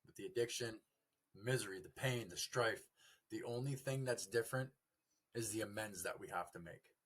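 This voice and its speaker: A young man, a podcast guest, telling his recovery story in an earnest, halting way. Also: fairly low pitch, a bit bright. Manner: earnest, halting, quotes family dialogue.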